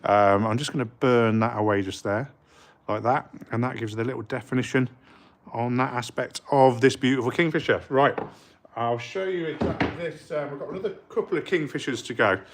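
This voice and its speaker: A man's voice: mid-range voice, a little fast. A middle-aged man from England chatting casually on a live stream while working in his art studio, rambling with plenty of ums and eagerly greeting viewers. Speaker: street artist streaming live.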